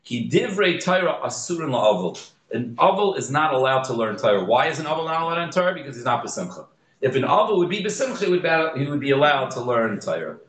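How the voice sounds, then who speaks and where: A man teaching a Torah class, mixing Hebrew terms into English and growing animated on key points. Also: on the high side, quick pace, echoey room, poor audio.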